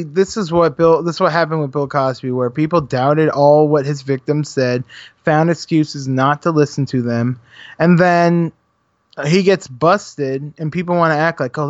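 A man's voice: a little high, dry recording, highs cut off. A man in casual political chat, heated and sarcastic, mocking people with quoted voices.

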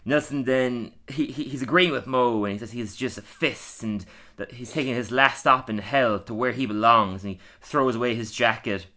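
A man's voice: medium pitch, moderate pace, pushed and bright. A young man co-hosting a casual review podcast, chatty, often laughing and acting out quoted lines. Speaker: podcast co-host.

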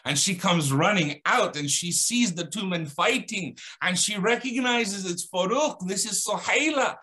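A man's voice: animated, a little slow, hardly any pauses, pushed and bright. A man telling a religious story dramatically, acting out the characters' dialogue. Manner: dramatic, acts out dialogue with shifting pitch.

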